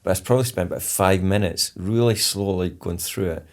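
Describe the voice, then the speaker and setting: Deep gravelly man telling a story. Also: a little fast. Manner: vivid storyteller who re-enacts his own instructions. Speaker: polar explorer and charity founder, interview guest. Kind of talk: conversational storytelling interview.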